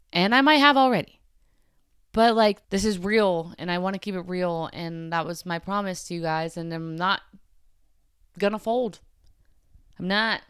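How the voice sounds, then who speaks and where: Woman hosting a solo confessional podcast to camera, earnest and emotional, voice smooth and close with a dead-dry sound. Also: on the low side, a bit bright, dry recording. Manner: earnest and emotional, with frequent "like" fillers and trailing restarts. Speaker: podcast host. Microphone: camera mic.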